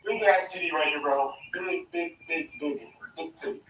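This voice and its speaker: A man loudly repeating crude remarks while reacting to something he is watching. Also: fairly high pitch, normal speed, recorded from a distance, soft background music. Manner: loud, crude, repetitive. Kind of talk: casual reaction chatter. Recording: roomy sound from off the mic.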